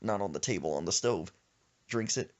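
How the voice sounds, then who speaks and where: A man telling a comic story on a podcast, animated, with casual slang and sound effects. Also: sits low, moderate pace. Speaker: comedian storyteller.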